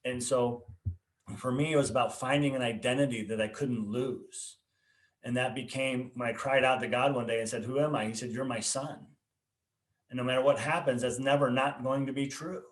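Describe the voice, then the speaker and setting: A man's voice: mid-range voice, steady tone, fairly quick. A man, a pastor hosting a conversation, tells a personal story earnestly and restarts his words often. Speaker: pastor and podcast host. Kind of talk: personal testimony in casual conversation. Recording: echoey room.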